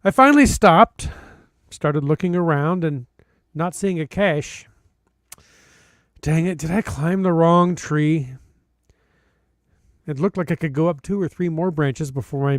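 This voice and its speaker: A podcast host, a man with a high voice, reads a listener's story aloud. He hams it up with playful emphasis and comic pauses. The recording is dry and close, with no room sound. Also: no echo.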